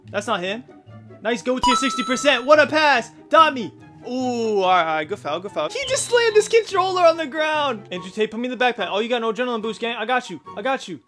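A man's voice: very high-pitched, a bit bright. Hyped young man doing slangy gameplay commentary. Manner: hyped, slangy trash talk to teammates and viewers. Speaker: gaming YouTuber. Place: home gaming setup in front of a TV.

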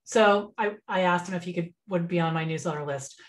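A woman business mentor runs a relaxed, conversational webinar through a computer mic, filling her speech with fillers and restarts. Her voice is lowish and she talks fairly quickly.

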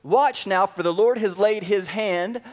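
Preacher as a stern angry apostle. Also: male voice, high-pitched, very animated, drawn-out words, exaggerated voice. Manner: loud, declaiming, emphatic.

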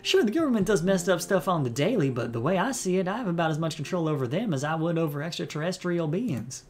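A man's voice: a little high, animated, fast talker, soft background music, pitched above the performer's own voice, close to an everyday voice. A man voicing a chatty young female cryptid-hunting vlogger in a put-on Southern US accent, breezy and rambling. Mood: folksy.

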